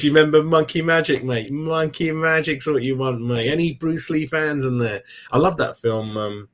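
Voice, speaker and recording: A middle-aged fan channel host chats casually on his live stream, calling everyone "mate" as he goes. His voice is a little high, at a moderate pace with few pauses.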